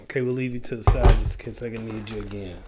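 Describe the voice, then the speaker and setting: A man's voice: on the low side, steady tone, fast, heavy background noise. A man chatting casually as he unboxes and reviews a fidget toy, rambling with playful asides. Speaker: product reviewer.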